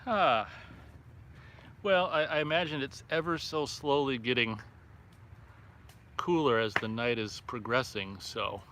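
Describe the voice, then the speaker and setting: A man's voice: mid-range voice, measured pace, pauses often, pushed and bright, a little hiss or hum. A man hosting a casual live stream outdoors by a fire at night, reading viewer comments aloud and reacting offhandedly. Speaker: livestream host reading chat.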